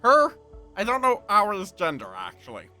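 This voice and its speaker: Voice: medium pitch, huge pitch swings, moderate pace, sharp tone, soft background music. A streamer giving casual, enthusiastic live commentary over a game and playfully trying out silly voices.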